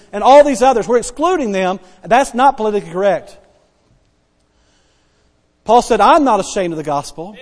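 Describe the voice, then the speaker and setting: High-voiced preacher in a reverberant hall. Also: male voice. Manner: emphatic preaching, repeats key phrases, swings between soft and loud. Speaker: pastor. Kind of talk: sermon.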